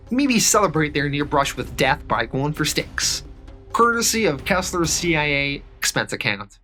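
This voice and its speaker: A man retells a comic book plot in a loose, casual way. His voice is bright and forward. Faint music plays under him. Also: medium pitch. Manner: loose, repeats "and then". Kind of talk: casual comic story recap.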